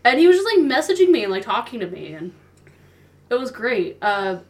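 A woman's voice: fairly high pitch, very animated. A woman hosting a podcast, telling stories in a chatty, bubbly way. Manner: chatty storytelling, fast and bubbly. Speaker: podcast host. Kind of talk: casual chat.

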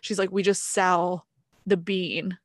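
A woman's voice: on the low side, takes it slowly, no echo, clean studio sound. A woman, co-hosting a podcast in casual chat and acting out the people in her stories. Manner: animated storyteller, acts out quoted dialogue. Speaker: podcast co-host. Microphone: podcast mic.

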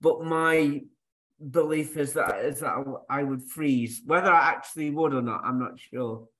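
A man with a slightly high voice speaks haltingly about his nerves, laughing a little as he goes. He sounds like he's in a roomy, echoey space. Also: a bit bright. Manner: hesitant, self-doubting, laughs nervously. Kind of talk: casual podcast chat.

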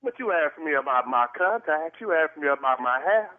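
A man's voice: fairly high pitch, lively intonation, normal speed. A man on a phone call, sassy, defiant and dramatic, arguing back at the caller. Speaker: choir director being pranked. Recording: tinny phone line.

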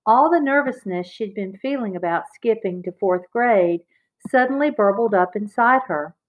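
Woman, children's audiobook narrator, expressive read-aloud, middle pitch, lo-fi sound. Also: moderate pace. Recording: slightly dull, lo-fi recording.

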